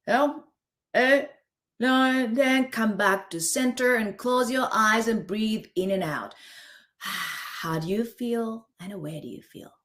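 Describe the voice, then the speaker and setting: A woman teaching a live online face yoga class. She gives gentle breathing cues, counts out each hold and keeps checking in with the group. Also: fairly high pitch. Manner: coaching, counts out holds, keeps checking in with "okay?".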